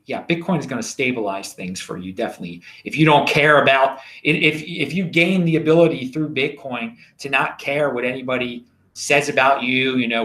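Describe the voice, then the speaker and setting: A middle-aged man with a voice a touch higher than most talks to camera as the host of his own show. He is emphatic and a little preachy, drives points home by repeating them, and rambles with restarts and fillers between them. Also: a bit bright. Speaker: host of a daily cryptocurrency show. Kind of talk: casual solo video monologue.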